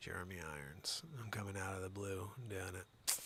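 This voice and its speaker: A man hosting a live-streamed comedy news show, rambling and sarcastic, jumping between loud reading and muttered asides. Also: sits low, steady tone, moderate pace, slightly rough, no echo.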